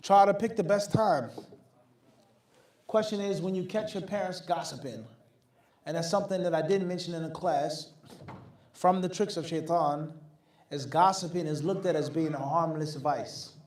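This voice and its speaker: High-voiced man lecturing in an echoey room. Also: moderate pace, pauses often, darkish tone. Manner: firm, emphatic, explanatory. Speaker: Islamic scholar answering questions. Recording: echoey room, mic at a distance.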